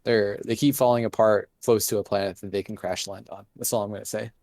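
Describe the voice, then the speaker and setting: A man's voice: fairly low pitch, fairly even intonation, fast, darkish tone, no room sound. A man co-hosting a casual podcast chat, hesitant and chuckling mid-sentence.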